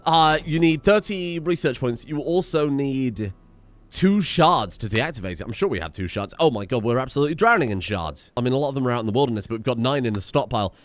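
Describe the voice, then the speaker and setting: A British man giving excitable, sweary commentary while playing a video game, swinging between loud outbursts and low muttering. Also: fairly quick, dry recording. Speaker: let's play host. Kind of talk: gameplay commentary.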